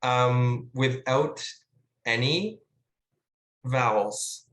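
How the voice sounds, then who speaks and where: Animated rambling male actor, roomy echo. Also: medium pitch, extremely slow. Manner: animated, rambling storyteller with filler words and profanity. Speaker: guest actor. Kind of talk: casual conversational teaching.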